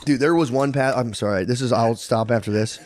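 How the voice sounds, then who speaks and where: A man co-hosting a podcast, retelling a book in a rambling, animated way, full of "dude" and "like". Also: medium pitch, brisk. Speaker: podcast co-host. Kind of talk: casual chat, retelling a book.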